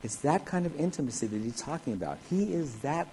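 A man's voice: a little high, lively intonation, fairly quick, warm tone, slight background noise, rough recording. A man preaching a sermon, reading scripture aloud and explaining it verse by verse. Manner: expository, reads scripture aloud then explains it. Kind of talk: sermon, Bible teaching.

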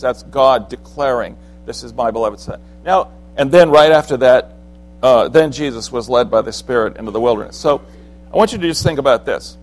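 A man's voice: mid-range voice, a little fast, faint music behind, low-quality recording. A man preaching a sermon in an earnest, conversational way, often restarting his sentences as he explains.

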